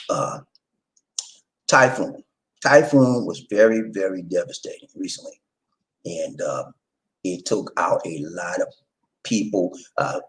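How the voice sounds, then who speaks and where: A man's voice: deep voice, low-quality recording. A man hosting a casual livestream, chatting with viewers, laughing and giving sing-song introductions. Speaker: livestream host.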